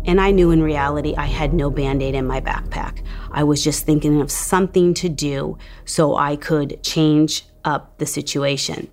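A woman who survived an attack, calmly telling her story as personal testimony. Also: deep voice, faint music behind. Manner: calm, measured storytelling.

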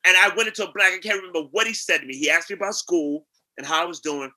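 A man from New York, a singer and actor, telling animated stories in a casual interview and acting out the voices of people in them. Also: high voice, rapid-fire.

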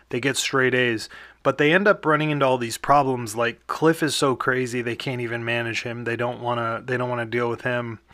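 Young man, podcast host, casual movie chat, bright forceful voice, dry close sound. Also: medium pitch, dry recording. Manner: rambling, filler-heavy, chuckling.

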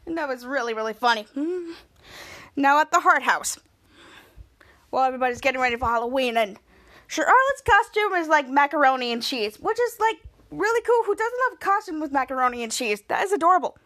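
A woman hosting a podcast, excitedly recapping a TV episode in casual chat and laughing often as she retells the scenes. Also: high voice, fairly quick. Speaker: podcast host.

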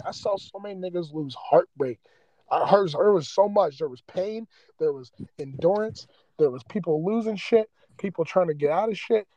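A man's voice: high voice, mellow, no echo, lo-fi sound. A man hosting a podcast, ranting with heavy profanity and raw emotion in a rambling, casual way. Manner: impassioned, heavily profane, rambling. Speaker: podcast host.

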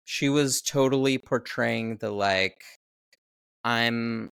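Man podcast co-host, unhurried and blunt, dry close sound. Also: medium pitch, fairly bright tone, clear, resonant tone, no echo. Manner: laid-back, blunt, swears freely. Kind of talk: casual movie review chat.

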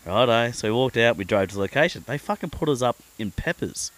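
A man's voice: mid-range voice, fast. An Australian man, a podcast guest, telling a story in casual, heavily sweary talk. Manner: swears constantly, animated storyteller. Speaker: podcast guest, pro angler.

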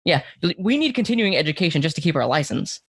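A man in a casual podcast discussion, speaking haltingly and stumbling over his words. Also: on the high side, very animated, a bit bright, husky, dry recording, studio quality.

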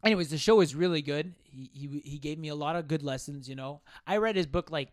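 A young man hosting a solo podcast, telling a rambling, profane, animated story. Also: fairly high pitch, a little fast, no echo, clean studio sound. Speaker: podcast host. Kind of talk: casual solo podcast monologue.

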